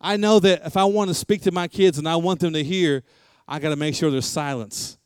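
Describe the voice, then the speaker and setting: A man's voice: on the high side, brisk, clean tone, dry recording, clean studio sound. A middle-aged man, a pastor, preaching a sermon and repeating lines for emphasis.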